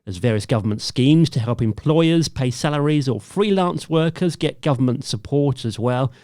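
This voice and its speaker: A man hosting a local radio show, introducing a guest and asking questions in a brisk, scripted way. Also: medium pitch, expressive, a little mellow, no echo, studio quality.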